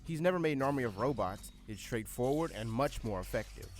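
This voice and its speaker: A man's voice: medium pitch, expressive, brisk, lightly acted. A man voicing a complaining, sarcastic teenage boy in an amateur cartoon dub. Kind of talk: fan abridged series voice acting.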